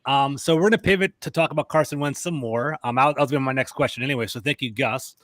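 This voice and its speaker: Male host, quick rambling delivery, dry close mic, casual sports chat. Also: medium pitch, fairly bright tone, no echo. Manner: rambling, conversational, fast-talking. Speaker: podcast host.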